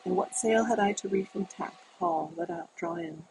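A reader voicing a dying old suffragette woman who cries out in grief for her lost love, with a gravelly voice. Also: mid-range voice, normal speed, close to an everyday voice. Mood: anguished. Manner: lamenting, pleading cries. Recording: noisy recording.

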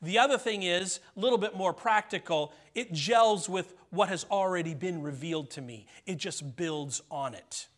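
Man, middle-aged pastor, sermon, high-pitched voice, chatty preaching, frequent okay check-ins, soft dramatic drops. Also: normal speed, few pauses.

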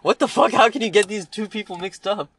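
A man's voice: sits high, fairly quick, a bit bright. A young man co-hosting a podcast, telling stories in a loose, profane, laughing way. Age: young adult. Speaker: podcast co-host. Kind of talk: casual chat.

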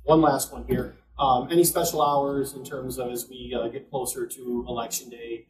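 A man hosts an interview and wraps up the segment. He speaks in a flat, even pitch, and the room around him echoes. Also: moderate pace, slight background noise. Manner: scripted, wrapping-up host patter. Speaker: community relations interviewer. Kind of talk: interview hosting.

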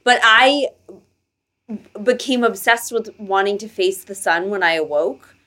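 A woman's voice: medium pitch, a little slow, sharp tone. A woman co-hosting a podcast, telling stories in casual chat and laughing often. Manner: chatty storytelling, laughs often. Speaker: podcast co-host.

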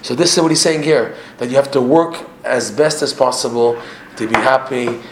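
A man teaching a religious class to his regular students, animated, firing off rhetorical questions and often repeating himself. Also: medium pitch, normal speed, noisy background. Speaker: Torah teacher. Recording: echoey room, faint ambience.

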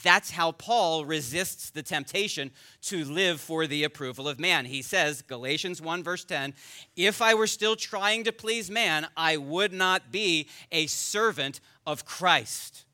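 A man's voice: on the high side, unhurried, pushed and bright. A man preaching a sermon as pastor, earnest and rising to emphatic peaks, at times addressing the children directly.

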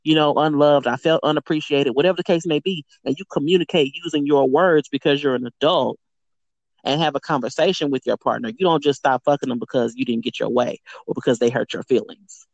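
A woman's voice: a bass voice, fairly quick, darkish tone, no echo, dull audio. A woman talking frankly as a guest on a podcast, emphatic and acting out quoted speech, swearing casually. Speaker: guest, sex educator. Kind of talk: candid podcast conversation.

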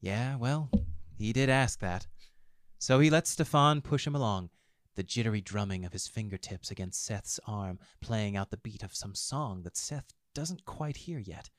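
A man narrating fiction aloud in a wry, expressive storytelling manner. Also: fairly low pitch, normal speed, no room sound, studio quality.

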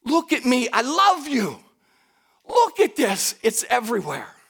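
A middle-aged man preaches with a strikingly high voice and a gravelly edge. His delivery swings widely in pitch, folksy and direct, building to shouts at the peaks. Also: unhurried. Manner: animated preaching, rising to shouts at high points; folksy, addresses the congregation directly. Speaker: pastor. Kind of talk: sermon.

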